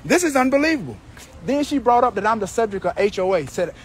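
Indignant high-voiced man filming outdoors. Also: sing-song, quick pace, slight background noise. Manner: indignant, incredulous, repeats himself. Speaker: person filming a street dispute. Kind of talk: heated street confrontation and vlog commentary. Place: outdoors on a residential street. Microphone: handheld phone camera.

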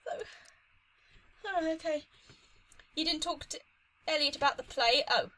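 Bright, high-voiced gamer girl. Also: unhurried, poor audio. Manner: chatty, excitable, talks to herself and the game. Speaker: let's play host. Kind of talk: gaming commentary.

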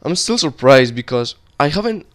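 Smooth-voiced young man gaming. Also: fairly high pitch, sing-song, moderate pace, a bit bright. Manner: casual, swears often, cries out in panic at monsters. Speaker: gaming YouTuber. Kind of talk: Minecraft let's play commentary.

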